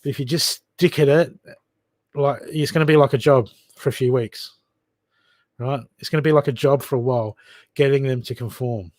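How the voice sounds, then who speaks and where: A man's voice: mid-range voice, normal speed, a little mellow, no echo. A man giving tarot readings on a casual livestream, chatty and familiar, calling viewers darling and mate. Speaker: live tarot card reader.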